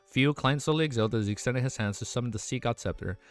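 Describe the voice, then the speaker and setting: A man's voice: medium pitch, fast talker, soft background music. A man hosting his channel, reading a web novel aloud and breaking off to react with swearing and emotional outbursts, stumbling over lines. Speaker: channel host.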